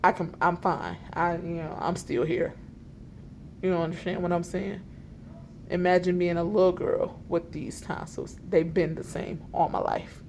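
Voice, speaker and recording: A woman vlogging from a hospital library, retelling a frustrating appointment in an animated, exasperated way and acting out the dialogue. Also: lowish voice, normal speed, gravelly, slight background noise. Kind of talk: storytime vlog. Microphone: self-filmed camera.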